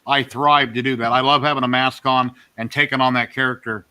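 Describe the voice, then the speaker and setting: A man's voice: medium pitch, steady tone, a little fast, sharp tone, smooth. A man hosting a casual livestream, asking curious, chatty questions and greeting viewers. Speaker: stream host.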